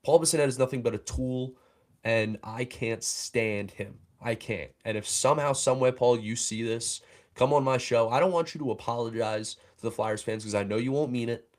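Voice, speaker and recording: A man's voice: medium pitch, moderate pace, a little mellow. A young man hosting a fan show, ranting angrily and heatedly about a sports analyst. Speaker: fan podcast host. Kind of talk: livestream rant.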